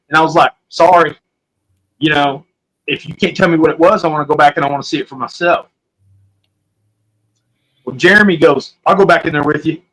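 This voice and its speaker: A man's voice: on the high side, fairly bright tone, low-quality recording. A man with an Oklahoman accent, telling a story as a podcast guest in a rambling, folksy way. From Southwest Oklahoma. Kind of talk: casual storytelling.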